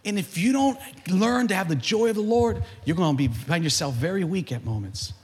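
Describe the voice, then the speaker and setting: A man preaching a sermon as pastor, animated and building to shouts, in a large church hall. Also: high-pitched, fairly quick.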